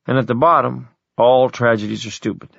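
A man's voice: mid-range voice, brisk, vocal fry, no echo. A man doing a wry, blunt middle-aged man. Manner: brooding, wry, then excited. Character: blunt, worldly middle-aged man, peppers talk with Spanish. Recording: dull, dry audiobook recording.

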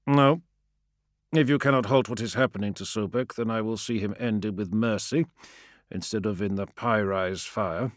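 A man's voice: lowish voice, normal speed, no room sound, clean studio sound, lightly acted. A man doing a stern, disapproving apothecary warrior. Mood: grave.

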